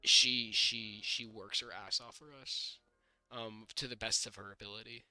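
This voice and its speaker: A young man co-hosting a casual podcast, rambling with fillers and restarts and a slightly raspy voice. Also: lowish voice, flat delivery, normal speed, pushed and bright, faint music behind. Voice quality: slightly raspy, throat-clearing. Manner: rambling, lots of fillers and restarts, laughs often. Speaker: podcast co-host. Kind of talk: casual chat.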